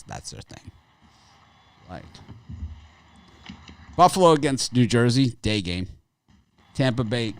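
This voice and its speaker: A man hosting a sports betting show in a studio, teasing his co-hosts and laughing as he runs through the games. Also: on the low side. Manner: teasing, laughing, mock golf-commentary whispers. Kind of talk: casual studio banter.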